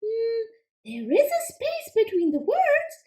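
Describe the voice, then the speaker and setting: A woman voicing a squeaky, eager young frog. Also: exaggerated voice. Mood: thinking aloud. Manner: excited, squeaky and quick. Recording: echoey room.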